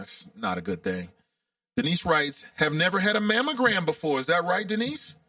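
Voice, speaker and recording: A man's voice: high voice, big pitch swings, fairly quick, sharp tone, no room sound, studio quality, recorded from a distance. A man from Cincinnati hosting a casual call-in radio talk show, chatty and openly emotional. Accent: Cincinnati, Ohio.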